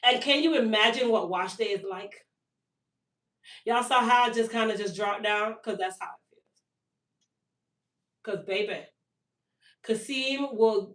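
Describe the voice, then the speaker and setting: A woman in her thirties with a fairly high voice, hosting a casual live sales stream. She tells an animated, long-winded story. She sits back from the mic in an echoey room. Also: far from the mic. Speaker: hair care business owner and host.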